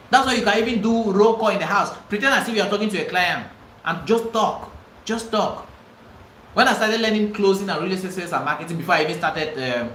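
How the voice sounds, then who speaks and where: Leading a live real estate class online, this Cameroonian-accented man stresses points by repeating himself, with emphatic delivery and pleading asides. The high-pitched, somewhat bright voice comes through a rough, roomy recording with a little background noise.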